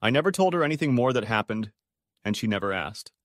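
A man narrating a string of reader-submitted stories as a scripted read, in a steady, even storytelling manner. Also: medium pitch, fast talker, dry recording, clean studio sound.

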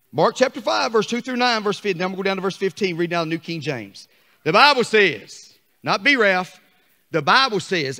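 Pastor, high bright voice, lively pitch, shouts, church hall echo. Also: male voice. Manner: animated, swings from quiet asides to shouting. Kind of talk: sermon. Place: church sanctuary. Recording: long hall reverb.

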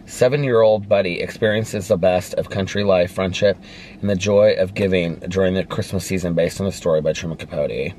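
A man's voice: low-pitched, steady tone, fairly quick, darkish tone, a little hiss or hum. A man with an American Midwest accent chatting casually to his viewers from a parked car, rambling and friendly. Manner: chatty, rambling, addresses viewers as you guys. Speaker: vlogger. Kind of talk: casual vlog chat.

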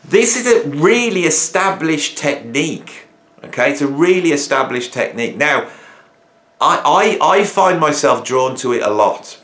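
A man talking casually to camera from his home garage, animated and rambling, often repeating himself and restarting phrases. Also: on the high side, unhurried. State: hot and sweaty. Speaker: drummer and producer talking to camera. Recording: echoey garage room.

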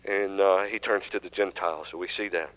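A man's voice: deep voice, fairly even intonation, brisk, a bit bright, low-quality recording. A man preaching a sermon in a church, teaching conversationally and asking the congregation questions. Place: church sanctuary.

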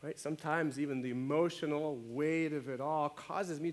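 A man delivers a sermon in a relaxed, conversational style, often tossing in "right?" to his listeners. His voice sits a bit high and moves around a lot. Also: normal speed, hardly any pauses. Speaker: pastor. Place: church.

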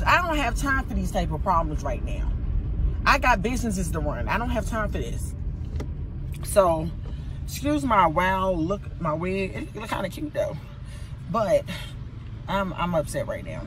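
A woman's voice: mid-range voice, expressive, moderate pace. A middle-aged woman, vlogging on her phone in a car and ranting with exasperation and repetition. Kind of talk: casual vlog rant to camera. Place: in a car, later inside a post office. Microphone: phone camera. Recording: loud car and street noise.

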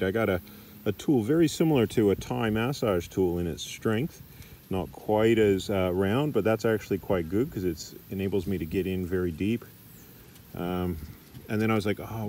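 A middle-aged Australian man demonstrating massage techniques in a relaxed, chatty way, recorded in a park. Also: lowish voice, slight background noise. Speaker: massage teacher. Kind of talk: casual demonstration. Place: park outdoors.

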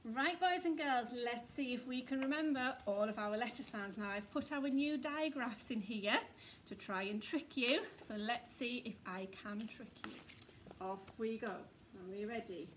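A woman teaching a phonics lesson to young children, slow, sing-song and encouraging. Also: a little high, a bit bright, a little hiss or hum.

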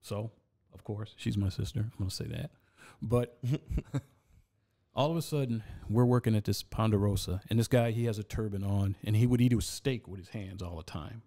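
A man telling an animated story as a podcast guest in a studio, laughing as he goes. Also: lowish voice, normal speed. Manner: animated storyteller, laughs through his tale. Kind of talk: casual storytelling.

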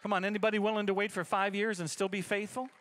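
A man's voice: high voice, little pitch movement, quick pace, fairly bright tone, some chatter behind. A middle-aged male pastor preaching a sermon at a church service, emphatic and repetitive as he rallies the congregation.

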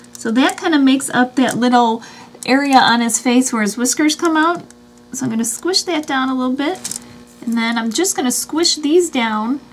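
High-voiced woman explaining a craft. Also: slight background noise. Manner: chatty, explains each step as she works. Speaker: craft channel host. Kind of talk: step-by-step craft tutorial.

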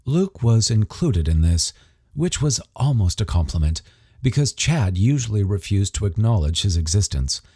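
Guy reading an audiobook, lively delivery, dark husky voice, dry booth. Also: fairly low pitch, moderate pace, no echo. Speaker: audiobook narrator. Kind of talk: scripted narration.

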